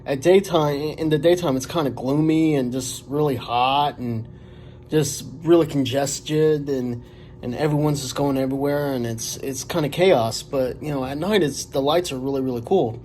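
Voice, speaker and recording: Man around forty, casual vlog storytelling, rambling with lots of ums and restarts, faint rumble behind. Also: darkish tone. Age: 40s. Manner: rambling, halting, many fillers and restarts. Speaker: vlogger.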